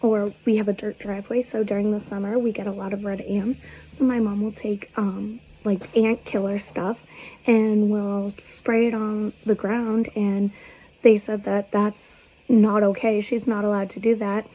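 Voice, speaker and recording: A woman in her twenties talking to camera in a personal video, speaking softly with a halting, near-whispered delivery. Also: mid-range voice, little pitch movement, rough recording. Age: 20s. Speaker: vlogger seeking advice.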